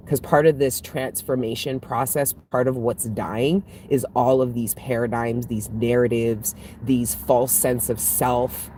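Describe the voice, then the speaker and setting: Her voice rumbles low and sounds slightly mellow, with a bit of hiss or hum in the recording. This spiritual reader runs a livestream, going through viewer comments in a loose, candid chat full of laughter and unrestrained cursing.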